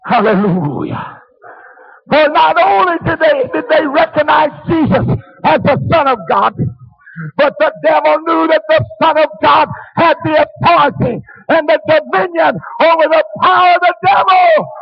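A male preacher delivering a fervent sermon, shouting many phrases and breaking into hallelujahs. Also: extremely high pitch, normal speed, creaky. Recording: dull lo-fi recording.

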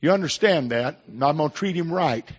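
A man's voice: fairly high pitch, animated, fairly quick, breathy edge. An older male pastor delivers a sermon in a folksy, storytelling way. He swells into emphatic declarations between anecdotes. The recording is slightly dull and muffled.

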